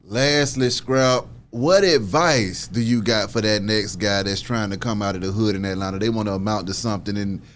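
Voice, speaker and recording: A man's voice: on the low side, normal speed, hardly any pauses, a little hiss or hum. A man hosting an interview, asking questions and backing up his guest with short replies. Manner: encouraging, short affirmations. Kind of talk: casual interview.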